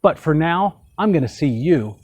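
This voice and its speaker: A man's voice: a little high, expressive, moderate pace, a little mellow, husky, dry recording. A man hosting a casual how-to tutorial, chatty and folksy, with joking asides. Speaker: hot tub channel host.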